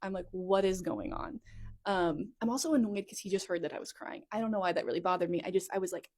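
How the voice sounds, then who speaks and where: A woman's voice: lowish voice, fast, a little mellow. Chatty woman in her thirties, rambling. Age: 30s. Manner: rambling and chatty, full of "like" asides and self-corrections. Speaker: content creator telling her life story. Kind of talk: casual storytime monologue. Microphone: phone.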